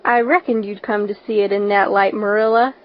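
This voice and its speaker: Woman reading a shy, gentle old farmer. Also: medium pitch, fairly even intonation, a little fast, lightly acted. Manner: soft-spoken, plain country talk. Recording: dull lo-fi recording.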